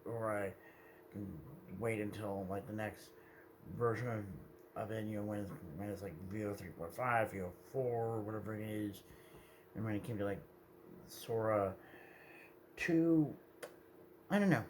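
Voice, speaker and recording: Male video creator, lowish voice, chatty unscripted ramble full of restarts. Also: unhurried, long pauses, a little hiss or hum. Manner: meandering, hesitant, self-correcting. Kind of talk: casual rambling monologue.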